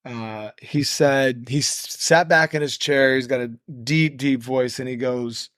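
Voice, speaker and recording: A man's voice: medium pitch, steady tone, unhurried, hardly any pauses, a bit bright, clear, resonant tone, no room sound, clean studio sound. A man speaking as a guest on a podcast, talking in earnest, preachy run-on phrases. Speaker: guest, nonprofit co-founder. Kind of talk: conversational podcast interview.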